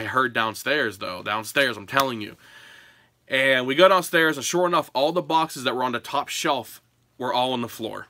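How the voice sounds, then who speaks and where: A man from Pennsylvania telling stories and answering viewer questions in a casual, animated home vlog, often breaking into laughter. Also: medium pitch, no room sound. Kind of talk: casual storytelling Q&A. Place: his home.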